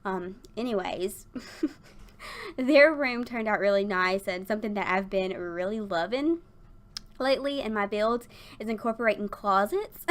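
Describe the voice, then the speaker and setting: This Sims builder YouTuber, a young woman recording at her desk at work, gives a casual voiceover chat about her build. Her voice sits at a medium pitch and sounds smooth, though her talk wanders, full of fillers and little giggles, and she's a bit breathless.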